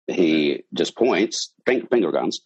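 A man's voice: deep voice, slow, husky, rough recording. A man, a bartender, telling a wild story from his shift in a casual, profane way, acting out quotes. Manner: animated, profane, acts out quotes.

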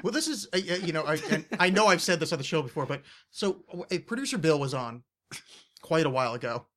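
A man's voice: a little high, lively intonation, fast, a bit bright. Rambling, laughing male podcast host. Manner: rambling, laughs often, swears. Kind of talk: casual chat.

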